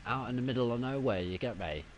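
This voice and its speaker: A man's voice: mid-range voice, fast talker, noisy background. Chatty man streaming a game. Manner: casual, chatty, excitable. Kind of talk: live gameplay commentary.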